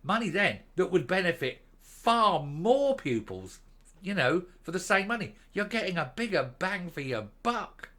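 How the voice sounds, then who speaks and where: Indignant man ranting, bright and forceful. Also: high voice, sing-song, unhurried. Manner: indignant, scornful, wanders into tangents. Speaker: commentary vlog host. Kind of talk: opinion rant to camera.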